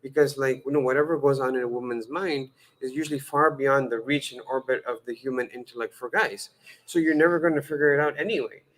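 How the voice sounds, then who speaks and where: A man's voice: medium pitch, fairly even intonation, quick pace, a bit bright, rough recording. A man giving a lecture-style sermon in a conversational, humorous way, often restarting words and acting out dialogue. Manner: conversational and humorous, frequent fillers and self-corrections; acts out dialogue with changing voices. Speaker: Islamic lecturer.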